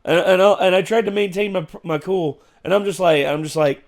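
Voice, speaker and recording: A man's voice: high voice, brisk. A man co-hosting a reaction show, telling a story in casual chat with rambling restarts and fillers.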